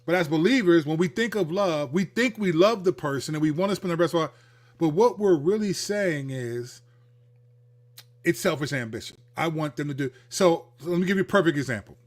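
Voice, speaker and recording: A man hosting a livestreamed Christian teaching talk, speaking in an animated, conversational way and acting out the people he quotes. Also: fairly high pitch, fairly quick. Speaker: host, Christian counselor.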